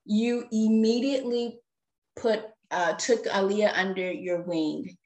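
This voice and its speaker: A woman's voice: mid-range voice, steady tone, slow pace, darkish tone. Earnest mom guest, lots of ums, choked up, roomy echo on her voice. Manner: earnest, rambling with many fillers. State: tearful. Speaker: guest parent. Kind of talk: emotional podcast interview. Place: living in Japan.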